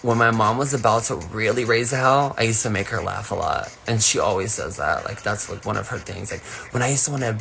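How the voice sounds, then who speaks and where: A young man chatting casually on a phone livestream, telling stories in a campy, profane way, with sudden high squeals when he quotes people. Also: brisk, creaky, few pauses, a bit bright, slight background noise. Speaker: streamer on a live video. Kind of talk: casual storytelling chat.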